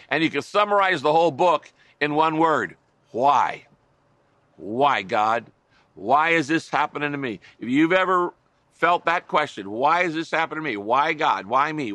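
A man's voice: a little high, sharp tone, no room sound. A middle-aged man preaching a sermon as a pastor, earnest and conversational, with wry asides to his listeners.

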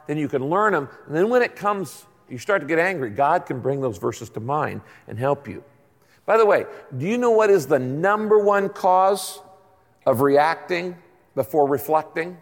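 An older man preaching a conversational sermon as a pastor, with emphatic asides to his congregation. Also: on the high side. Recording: long hall reverb.

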